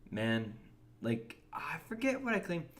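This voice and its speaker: A man's voice: a little high, huge pitch swings, measured pace, a bit bright. A young man chatting casually while streaming a game, reading and answering chat and often restarting his words. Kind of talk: casual gameplay commentary.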